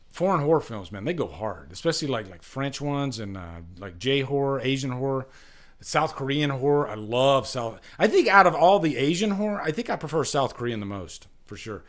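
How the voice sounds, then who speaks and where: Rambling man hosting a live stream. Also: mid-range voice. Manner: rambling, repeats himself, many fillers. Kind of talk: casual live stream chat. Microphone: webcam.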